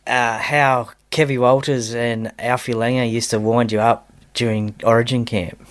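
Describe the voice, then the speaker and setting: An Australian man hosting a podcast interview, asking questions in a relaxed, casual way and laughing along. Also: medium pitch, normal speed. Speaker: podcast host.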